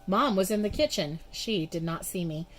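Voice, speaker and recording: A woman reading a children's storybook aloud in an expressive, measured way. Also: fairly low pitch. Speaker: storybook reader. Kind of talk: children's book read-aloud.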